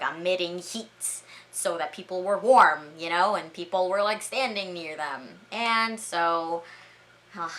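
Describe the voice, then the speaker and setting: A young woman vlogger telling embarrassing stories in a chatty, animated way, full of "like" and "all right?" asides. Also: fairly low pitch. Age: young adult. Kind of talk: storytime vlog.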